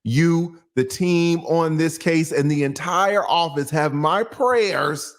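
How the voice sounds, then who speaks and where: A man's voice: on the high side, slow pace. A male attorney giving casual legal commentary, telling it like a story with rhetorical questions and slangy asides. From United States.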